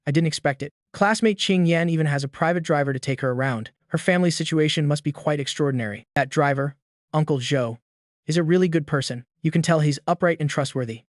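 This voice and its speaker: A woman's voice: sits low, fast, no room sound, studio quality, natural voice. A man voicing a stern middle-aged mother who nags and scolds her son, in an audio story. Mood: approving. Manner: nagging, scolding.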